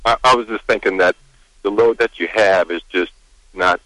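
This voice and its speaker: Guy on the radio call-in, low voice, short unsure answers. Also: steady tone, moderate pace, sharp tone, no echo, poor audio. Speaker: caller, riddle contestant. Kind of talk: phone-in answer.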